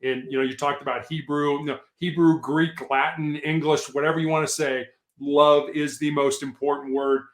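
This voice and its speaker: Man, guest author, earnest emphatic storyteller; a touch high, echoey room. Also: flat delivery, moderate pace, few pauses. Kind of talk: podcast interview.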